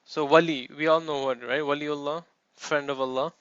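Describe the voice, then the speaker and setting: Speaking at a normal speed in a steady tone, this Arabic teacher has a fairly high, slightly bright voice that sounds clear and resonant. He lectures step by step and checks in with his class. The classroom recording is dull and dry, with no room sound.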